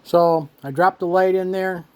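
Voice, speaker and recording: A man casually talking through a motorcycle headlight swap, relaxed and plain-spoken, thinking aloud as he works with his hands. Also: high-pitched, measured pace, noisy background. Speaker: motorcycle owner showing a repair. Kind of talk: casual how-to narration.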